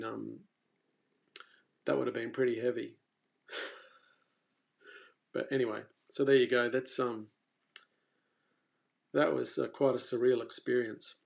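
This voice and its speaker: A man hosting a fishing live stream, telling a story casually and with energy, stumbling and restarting, then trailing off quietly. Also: medium pitch, gravelly. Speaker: fishing coach and channel host.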